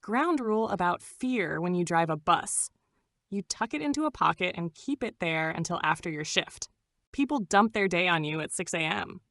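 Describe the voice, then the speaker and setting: Female storyteller, low register, dramatic scripted first-person narration. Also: animated, moderate pace, fairly bright tone, dry recording, studio quality. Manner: dramatic, suspenseful.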